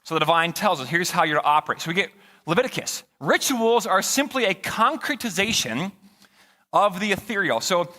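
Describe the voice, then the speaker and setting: A man's voice: sits high, fairly quick, in a large hall. A male pastor preaching a conversational sermon, joking and talking back and forth with his congregation in a church. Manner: animated, conversational, jokes with the congregation. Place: church sanctuary.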